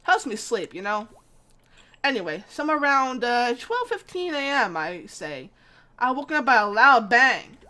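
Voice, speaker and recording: A woman's voice: on the high side, very animated, normal speed, pushed and bright. A woman putting on a folksy whiskey-loving old neighbor. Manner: rambling, folksy, drawling. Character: middle-aged male neighbor, folksy whiskey drinker. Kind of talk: video game dialogue read aloud.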